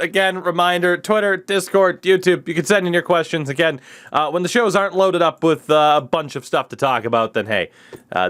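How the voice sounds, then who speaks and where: Rambling podcast host. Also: male voice, on the high side, fairly bright tone. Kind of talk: casual podcast chat.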